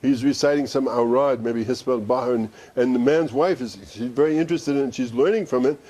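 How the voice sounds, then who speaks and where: A man's voice: mid-range voice, brisk, a little mellow. A man teaching and telling a story in a conversational way, with asides and restarts. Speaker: Sufi teacher. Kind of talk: storytelling discourse. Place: study center.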